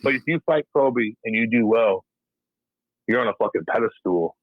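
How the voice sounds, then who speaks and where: On a dry, phone-quality recording, a man with a lowish, lively voice talks at a moderate pace. He's an ex-hockey enforcer sitting in as a guest, cursing freely, laughing a lot, and replaying old conversations in a loose, profane interview.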